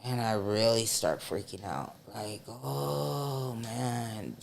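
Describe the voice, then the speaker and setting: Slow, gravelly-voiced woman telling a story. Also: extremely low pitch. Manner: animated, dramatic retelling. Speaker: podcast guest. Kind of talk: storytelling in casual chat.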